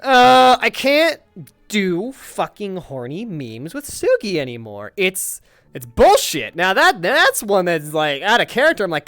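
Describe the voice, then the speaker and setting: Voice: mid-range voice, huge pitch swings, unhurried, a bit bright, dry recording, faint music behind. A streamer chatting casually to viewers out of character, rambling and exasperated, swearing heavily. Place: at home, recording in virtual reality.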